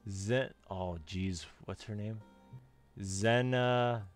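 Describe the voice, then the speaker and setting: Man, low voice, casual gameplay commentary, rambling, lots of fillers, faint music behind. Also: steady tone, slow. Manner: rambling, talks to himself with many fillers. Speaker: streamer voicing a game.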